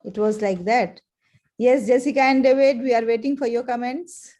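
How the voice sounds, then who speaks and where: Woman host, higher pitch, mellow tone, gentle and effusive. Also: fairly even intonation, moderate pace. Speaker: session host. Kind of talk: moderating a video call.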